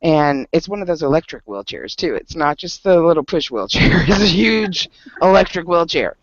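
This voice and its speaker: A man's voice: a little high, moderate pace, dry recording. A man at a book club meeting, telling a story in casual group talk and laughing often. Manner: animated storyteller, laughs often, many fillers. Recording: dull lo-fi sound.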